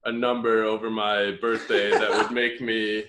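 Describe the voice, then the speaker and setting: A man in casual podcast chat, relaxed and hesitant, with many fillers. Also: lowish voice, unhurried. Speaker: podcast co-host.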